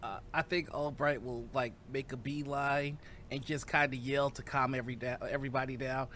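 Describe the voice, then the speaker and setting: A man playing in a tabletop game, talking in an enthusiastic, lively way. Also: mid-range voice, moderate pace, slight background noise. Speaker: player.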